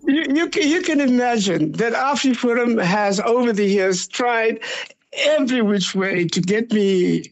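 A man's voice: very high voice, lively intonation, muffled recording. An older South African man, a political leader, answering interview questions in an earnest, emphatic way. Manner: earnest, emphatic, speaks in long measured runs.

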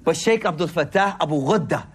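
A man giving a sermon to a live audience, telling stories in an animated way, laughing as he goes, and using casual slang with lots of repeated words. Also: a little high, a little fast, husky. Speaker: Islamic speaker.

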